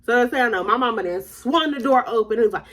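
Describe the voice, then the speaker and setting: A young woman vlogger telling a story in a casual, animated way, acting out the other people in it. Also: fairly high pitch, fast. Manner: animated, acts out quoted voices.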